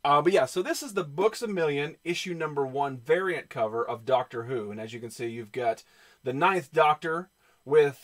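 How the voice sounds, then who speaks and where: A man's voice: on the high side, animated, brisk. A man with a Southern US accent, chatting casually on a livestream and rambling through lots of fillers while he answers his chat. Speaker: streamer showing his comic collection.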